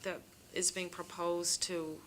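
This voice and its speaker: A low but bright-toned woman speaking at a committee meeting. She sits on the commission and explains in a loose, informal way. Faint room noise is behind her. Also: level tone, takes it slowly. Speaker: commission member.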